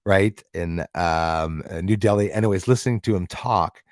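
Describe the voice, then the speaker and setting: A man's voice: deep voice, normal speed, no room sound, clean studio sound. A man hosting a casual live stream, rambling as he reads out and thanks viewers in the chat. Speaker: livestream host.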